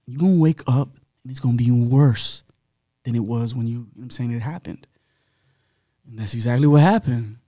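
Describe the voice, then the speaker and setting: Blunt guy telling his story on a podcast, lots of slang and cussing, mid-pitched voice, dry sound. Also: brisk, long pauses, mellow, no room sound. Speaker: podcast guest. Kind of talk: candid personal storytelling.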